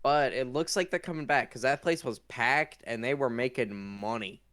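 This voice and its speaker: A man holding forth on a casual podcast, his voice smooth and resonant. He talks in emphatic bursts, quick to rant and just as quick to laugh it off. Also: medium pitch, a bit bright. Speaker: podcast host. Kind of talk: casual chat.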